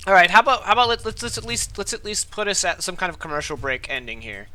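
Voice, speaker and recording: A man's voice: sits high, fast, pushed and bright. A man running a tabletop game as game master, narrating casually with fillers and restarts.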